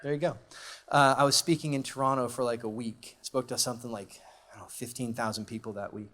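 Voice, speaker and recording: A man gives a heartfelt personal testimony from a conference stage, speaking into a microphone before a large live audience. His delivery is conversational and emotional, loose with fillers, on a voice of ordinary middle pitch. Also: steady tone, quick pace, a bit bright. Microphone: handheld or stage microphone.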